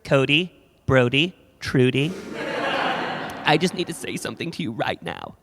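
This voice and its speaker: A man's voice: mid-range voice, very animated, moderate pace, background noise. A man voicing an earnest, gushing American parent talking to his kids, with an American accent. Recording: hall reverb from a club stage.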